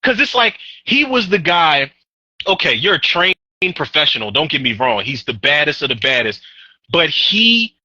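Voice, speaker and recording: A man's voice: a little high, sing-song, normal speed, bright, forceful tone, dry recording, highs cut off. A man co-hosting a podcast in casual, profane, ranting chat about movies, with a sore throat. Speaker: podcast co-host.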